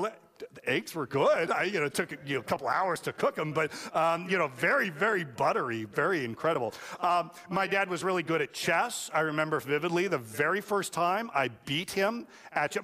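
A male pastor with a slightly high voice, preaching in a loose, joking storytelling manner. His words ring out with the long reverb of a church sanctuary. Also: sharp tone. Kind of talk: sermon.

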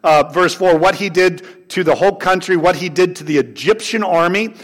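A man preaching a sermon to his congregation, swinging between raised, emphatic lines and soft, low asides. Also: moderate pace. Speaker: pastor. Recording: long hall reverb.

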